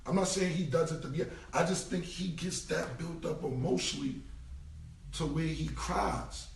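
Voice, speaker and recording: Gravelly man ranting on a phone livestream. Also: fairly high pitch, normal speed, distant mic, slight background noise. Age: 40s. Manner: emphatic, repeats himself, slangy and profane. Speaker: rapper responding on a livestream. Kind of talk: casual rambling livestream rant. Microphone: phone held away. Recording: roomy echo, voice away from the phone mic.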